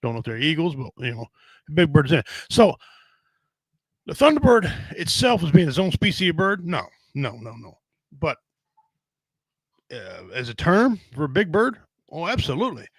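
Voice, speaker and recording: A man's voice: on the high side, very animated, normal speed, pauses often, slightly rough, no echo, low-quality recording. A middle-aged man hosting a casual podcast chat, talking in a blunt, rambling, folksy way with casual swearing. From Native American.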